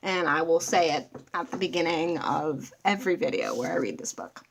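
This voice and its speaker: A woman's voice: deep voice, animated, normal speed, creaky, a little hiss or hum. A woman vlogger, talking bluntly to her viewers, swearing freely and calling them y'all. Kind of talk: casual talk to camera.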